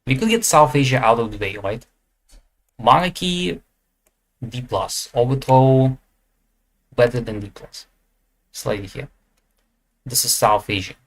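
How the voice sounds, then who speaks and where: Man, casual tier-list commentator, mid-pitched, thinks out loud, hesitant, corrects himself often. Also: measured pace, long pauses. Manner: thinking aloud, hesitant with fillers and self-corrections. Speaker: esports tier list creator. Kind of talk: casual commentary while ranking.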